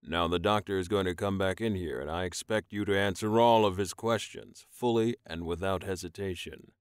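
A man voicing a huge, commanding male alien who speaks slowly and low, keeping firm control, in an audiobook. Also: smooth, no echo, studio quality, close to an everyday voice. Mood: stern. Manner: slow, low, firmly in control. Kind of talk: audiobook character voice.

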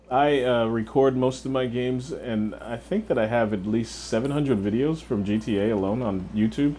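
A man's voice: mid-range voice, darkish tone, a little hiss or hum. Profane young man streaming a game. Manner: casual and profane, answering chat. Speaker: livestreamer. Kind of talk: casual gameplay chat.

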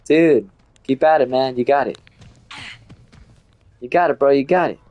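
A man's voice: medium pitch, unhurried, darkish tone. A young man chatting casually while streaming a horror game, laughing often and switching between English and Spanish. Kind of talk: casual live gameplay chat.

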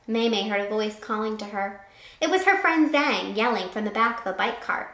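A woman's voice: medium pitch, normal speed. A woman reading a picture book aloud to children as a teacher, telling it expressively with little asides. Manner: expressive, animated storytelling. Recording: roomy echo.

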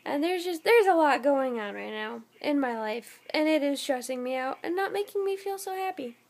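A woman's voice: sits high, expressive, normal speed. A young woman vlogging at home at night, very tired and yawning, rambling in a scattered way. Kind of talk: casual vlog to camera.

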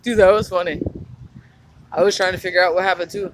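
A woman's voice: on the low side, fairly even intonation, fast, slight background noise, poor audio. A woman vlogging in a car and at dumpsters, chatting casually and telling a story in fits of giggles. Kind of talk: casual vlog chat.

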